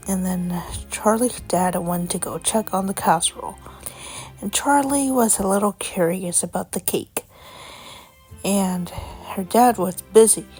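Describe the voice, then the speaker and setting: Woman reading a kids story real slow, bit of fry in her voice. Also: medium pitch, a little mellow. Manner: plain, unhurried storytelling. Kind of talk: children's story narration.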